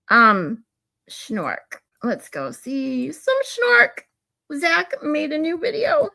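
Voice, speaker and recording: Slow, gravelly-voiced woman streamer. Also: sits high. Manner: relaxed, chatty, laughing often. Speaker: livestream host. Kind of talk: casual livestream chat.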